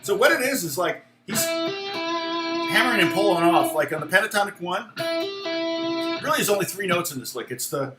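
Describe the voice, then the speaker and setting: A man's voice: sits high, big pitch swings, moderate pace, long pauses, reverberant. A man teaching guitar in a casual lesson, telling stories and rambling with lots of fillers and asides.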